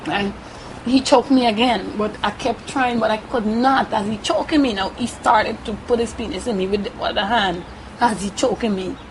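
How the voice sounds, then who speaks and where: A woman with a Guyanese Creole accent giving a halting first-person account, often repeating herself and tagging her sentences with "right?". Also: on the high side, steady tone, a little hiss or hum, rough recording. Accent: Guyanese Creole English. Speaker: interviewee.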